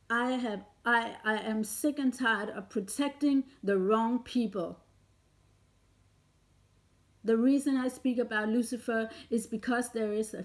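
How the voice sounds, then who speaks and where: Woman, fairly high voice, vlogger, angry rant, confrontational, heavy swearing. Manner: heated, confrontational, swears often. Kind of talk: angry direct-to-camera rant.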